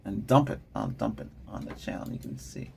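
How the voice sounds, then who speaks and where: A man's voice: lowish voice, fairly quick, creaky, noisy background. A middle-aged man hosting a tech channel, chatting casually and rambling, often laughing and trailing off mid-thought. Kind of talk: casual rambling vlog chat.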